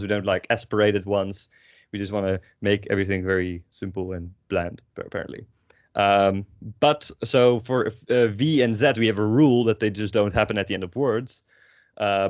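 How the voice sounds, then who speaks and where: Low-voiced Dutch man teaching casually. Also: no echo, muffled recording. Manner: relaxed, rambling, swears casually, many fillers. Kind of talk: casual language lesson.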